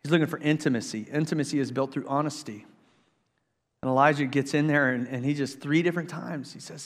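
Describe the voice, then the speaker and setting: A male pastor preaching a sermon in a church, swinging between loud, excited preaching and hushed intensity, emphatic and repetitive. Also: on the high side, brisk. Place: church sanctuary. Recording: long reverb of a large hall.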